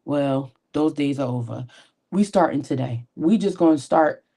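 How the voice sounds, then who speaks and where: A woman with a low, mellow voice talks through her makeup at a home vanity, recorded on a tablet. She is animated and encouraging, full of folksy asides, as she chats to her viewers. It comes across as a personal motivational chat. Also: moderate pace, slightly rough. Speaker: beauty vlogger and sales consultant. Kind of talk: chatty motivational talk while doing makeup. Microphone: tablet camera at her vanity.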